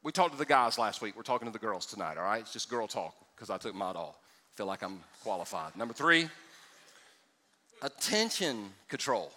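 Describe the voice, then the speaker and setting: A male pastor preaching a sermon, joking with the congregation and dropping from loud exclamations to hushed asides. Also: fairly low pitch, sing-song, normal speed. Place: church sanctuary before a congregation. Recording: church hall with long reverb.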